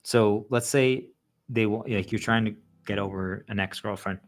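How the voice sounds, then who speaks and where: This channel host has a fairly low voice and talks at a normal speed. He rambles casually and animatedly to his viewers, leaning heavily on "like" fillers and acting out quoted voices.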